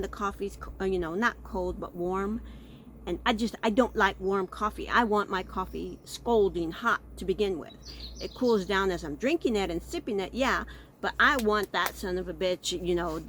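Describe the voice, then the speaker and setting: Hosting a casual chat show, this middle-aged Texan woman rambles and stumbles over her words in her Texan accent. Her mid-range voice is a bit bright, with slight background noise behind it.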